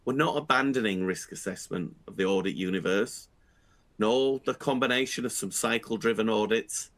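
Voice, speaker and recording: A man giving a measured explanatory talk on audit planning, pausing with fillers and restarting phrases as he goes. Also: fairly low pitch, a bit bright. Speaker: internal audit speaker.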